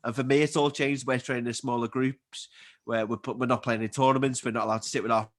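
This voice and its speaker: A young man with a broad Scouse accent tells stories in a casual podcast chat. He speaks at a fast clip with lively, animated energy. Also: mid-range voice. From Liverpool, England. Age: 20s. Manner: animated storyteller, quick and chatty. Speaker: guest athlete.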